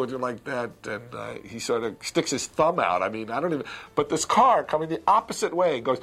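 A man in a candid interview, telling behind-the-scenes stories with animated retellings and laughter. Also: on the high side, brisk. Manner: lively storyteller, acts out voices, laughs. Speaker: filmmaker recalling a production.

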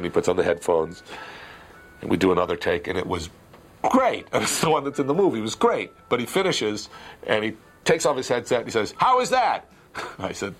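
A man in a candid interview, telling behind-the-scenes stories with animated retellings and laughter. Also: sits low, fairly quick, gravelly. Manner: lively storyteller, acts out voices, laughs. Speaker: filmmaker recalling a production.

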